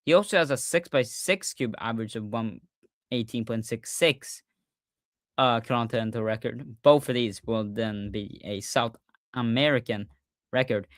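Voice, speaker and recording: Excitable young man, smooth dry voice. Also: mid-range voice, no room sound. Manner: excitable, stumbling, repeats "insane". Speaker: podcast host. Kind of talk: casual livestream recap.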